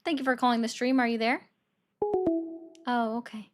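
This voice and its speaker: A chatty woman hosts a call-in stream from her bedroom, using a desk microphone, and talks casually about politics while reading and answering viewer comments. Her voice is fairly high and steady at a normal speed, heard over music.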